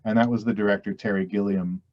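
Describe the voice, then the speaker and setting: A man's voice: lowish voice, steady tone, fast talker. A middle-aged man from western Canada, chatting as an actor guest in a casual interview, rambling and self-deprecating with many restarts. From West Coast Canada. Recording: dull lo-fi audio.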